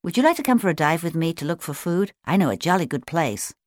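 A woman's voice: sits low, big pitch swings, fast talker, no echo. Bobby, a woman doing a chatty young boy otter, keen and friendly, bouncy lilting storybook voice, dry close sound. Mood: eager. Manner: friendly, keen to show what he knows. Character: young male sea otter, chatty and eager.

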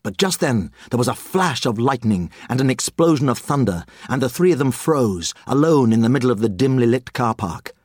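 Narrateur animé au débit expressif. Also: male voice, medium pitch, moderate pace, hardly any pauses, dry recording, studio quality. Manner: lively, expressive storytelling. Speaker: audiobook narrator. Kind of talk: scripted storybook narration.

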